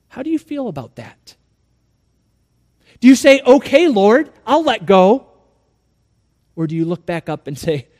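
Slow-preaching man with a high voice. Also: long reverb tail. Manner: storytelling with dramatic swings in volume. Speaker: pastor. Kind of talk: sermon.

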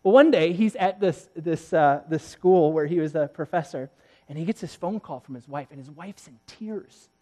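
Storytelling pastor, a man swinging soft to loud. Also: fairly high pitch, moderate pace. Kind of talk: sermon.

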